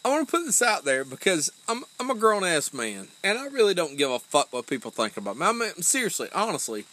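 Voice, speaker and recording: A man's voice: sits high, very animated, fast, bright, forceful tone, low-quality recording. A man in his forties hosting a casual chat, blunt and emphatic, swearing constantly. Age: 40s. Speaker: podcast host.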